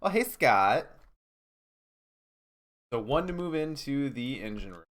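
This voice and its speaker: A man's voice: medium pitch, sing-song, slow, a bit bright. Wry, foul-mouthed man playing a card game. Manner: wry, profane humor, dramatic card reading. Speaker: podcast co-host and player. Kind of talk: casual board game play with joking commentary.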